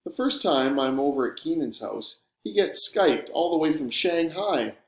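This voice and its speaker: A man's voice: fairly high pitch, animated, normal speed. A man reading a first-person audiobook narration in a sardonic, wry storytelling manner. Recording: roomy room echo.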